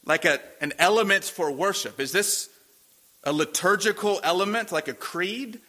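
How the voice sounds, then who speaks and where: A man's voice: high-pitched, moderate pace, pushed and bright. A man, a pastor, preaching a sermon in a conversational way, asking the congregation questions.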